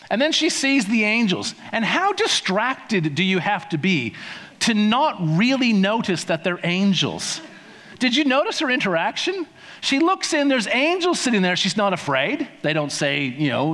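A man's voice: sits high, sing-song, moderate pace, a bit bright. A man preaching a conversational sermon, with playful asides and acted-out quotes. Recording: long hall reverb.

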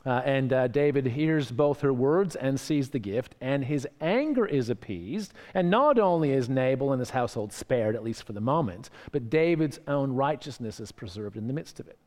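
A man's voice: medium pitch, very animated, moderate pace. A man preaching a sermon in a conversational way, often checking in with tag questions. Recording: long hall reverb.

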